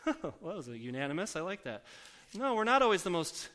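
A man preaching a sermon in a conversational way, asking the congregation questions and slowing down to softly repeat scripture. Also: sits high, very animated. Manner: slows down and softens for scripture quotes.

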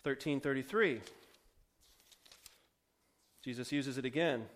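A man's voice: mid-range voice, slow pace. A male pastor preaching a sermon in a chatty, joking, self-mocking way with fillers.

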